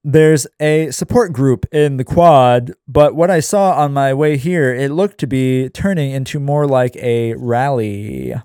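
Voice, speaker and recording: A man's voice: medium pitch, a little slow, hardly any pauses, darkish tone, clean tone, dry recording, studio quality, close to an everyday voice. A man voicing an earnest male student activist as he reads a screenplay aloud. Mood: urgent.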